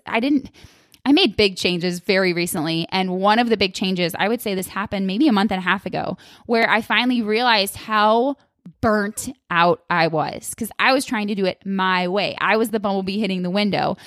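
A woman's voice: medium pitch, fairly bright tone, no room sound, studio quality. A woman hosting a solo podcast, talking candidly and expressively to her listeners and acting out her own past thoughts. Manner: calls listeners "you guys", curses casually. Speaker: podcast host. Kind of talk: casual solo podcast talk.

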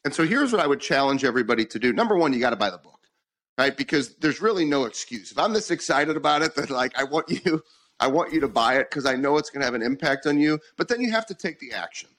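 A man's voice: medium pitch, sing-song, quick pace, fairly bright tone. A man hosting a podcast interview, talking in an emphatic, motivational way and repeating points for emphasis. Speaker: podcast host.

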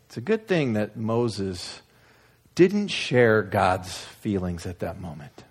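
A man preaching a sermon, retelling a story in an animated, humorous, conversational way. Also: mid-range voice, unhurried, slightly rough. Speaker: pastor.

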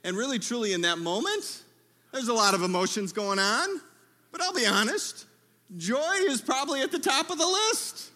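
A pastor delivers a sermon inside a tent. His voice is high and piercingly bright. He tells a humorous story in a lively way and keeps drawing his listeners in with questions. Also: normal speed. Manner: lively, humorous storytelling with audience call-outs.

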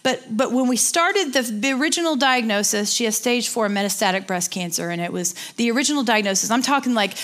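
A Bible study teacher in her forties tells a personal story, animated and emotional, with asides along the way. Her voice is a little high.

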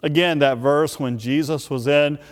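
A man preaching a sermon, speaking emphatically and repeating key words with drawn-out pauses. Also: fairly high pitch, steady tone. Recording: long reverb of a large hall.

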